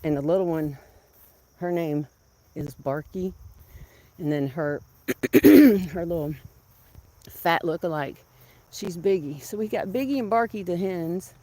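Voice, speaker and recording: A woman chatting casually to camera in her backyard as she tends her chickens. She laughs often and scolds the birds in a loud, high voice. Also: expressive, unhurried. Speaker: vlogger keeping backyard chickens.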